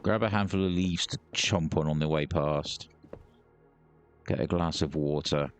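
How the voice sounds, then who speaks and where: A man's voice: very deep voice, measured pace, clean tone, soft background music. Jokey man playing a horror game. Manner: jokey, swears, mocks the characters. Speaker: gaming YouTuber. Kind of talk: let's play commentary. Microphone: headset.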